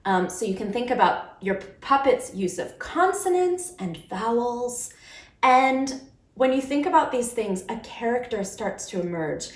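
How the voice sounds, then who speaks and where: A woman's voice: a little high, lively intonation, measured pace, echoey room. A woman teaching puppet-making to children, playfully demonstrating different voices as she explains. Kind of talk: instructional video for kids.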